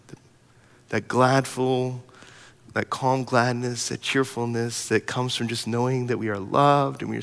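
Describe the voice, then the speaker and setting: A man's voice: mid-range voice, vocal fry, a bit bright, in a large hall. A man in his thirties preaching a sermon as a pastor, telling a family story earnestly and rising to emphatic peaks.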